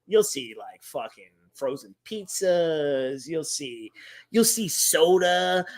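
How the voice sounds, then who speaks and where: A man hosting a livestream, telling stories in casual chat, animated and profane, acting out quoted dialogue. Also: a little high, takes it slowly. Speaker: livestream host.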